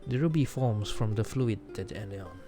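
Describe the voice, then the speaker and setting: A man voicing a grieving young prince from a game, quiet and subdued. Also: fairly low pitch, animated, normal speed, over music. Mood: sorrowful. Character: grieving young male prince, soft-spoken.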